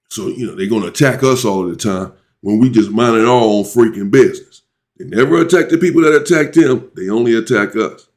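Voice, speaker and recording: A man hosting his own channel, giving heated opinion commentary and reacting indignantly to a clip, his voice climbing high when he gets worked up. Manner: indignant, rising sharply in pitch when worked up.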